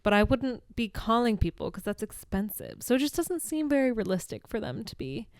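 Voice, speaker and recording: A young woman co-hosts a podcast and recaps TV scenes in a chatty, animated way. Her voice sounds smooth and clear, recorded close and dry. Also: on the high side, fairly quick, no room sound. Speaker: podcast co-host. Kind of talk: casual episode recap.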